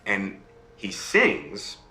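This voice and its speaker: A man telling a fairy tale live in a lively, dramatic way, often checking in with listeners. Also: drawn-out words, gravelly, echoey room. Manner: lively, dramatic swings in pitch, asks listeners "right?". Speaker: storyteller.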